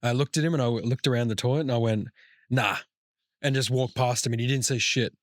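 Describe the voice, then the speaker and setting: A man's voice: medium pitch, steady tone, fast talker, dry recording, studio quality. A young man hosting a podcast, telling a travel story in casual, profane chat with lots of restarts. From Australia. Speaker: podcast host.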